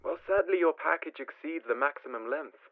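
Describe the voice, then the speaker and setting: Brief: man doing a perky high delivery caller over a tinny phone line. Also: animated, brisk, no echo. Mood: chirpy. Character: chirpy male delivery service caller.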